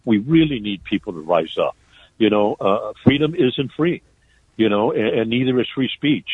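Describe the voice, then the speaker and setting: A man giving impassioned political commentary on radio, halting and full of fillers. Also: fairly low pitch, lively intonation, husky, no room sound. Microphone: phone. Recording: tinny dry phone line.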